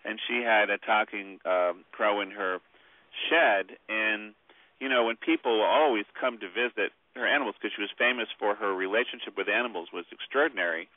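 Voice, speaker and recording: Over a tinny phone line, a male author appearing as a guest rambles through his stories, filling them with lots of fillers. His voice sits lowish and moves at a moderate pace, and the recording is dry.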